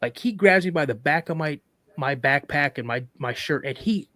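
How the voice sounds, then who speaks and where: A man guest on a podcast, casually telling a story in an animated way, acting out quoted dialogue and often restarting his sentences. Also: on the high side, moderate pace, dry recording.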